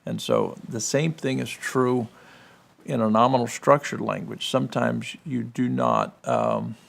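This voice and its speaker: A man with a gravelly voice explaining Hebrew and Greek grammar in a discussion, full of "you know" and checking "correct?". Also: medium pitch, expressive, unhurried. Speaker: guest explaining biblical languages.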